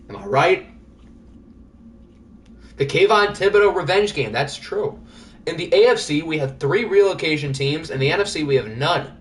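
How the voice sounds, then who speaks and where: Male streamer, slightly high voice, loose joking commentary on league results. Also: brisk. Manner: chatty, joking, thinks aloud. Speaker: livestream host. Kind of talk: casual sports sim commentary.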